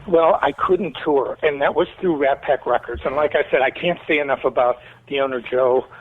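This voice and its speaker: Chicago man, guest musician, rambling storyteller; husky voice on a tinny remote line. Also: mid-range voice, moderate pace. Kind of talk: casual interview talk.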